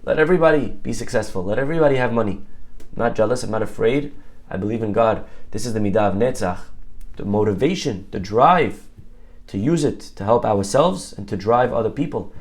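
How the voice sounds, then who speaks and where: A man's voice: on the low side, expressive, brisk. A man, a rabbi giving a sermon, telling stories in a conversational way with asides and questions to his audience.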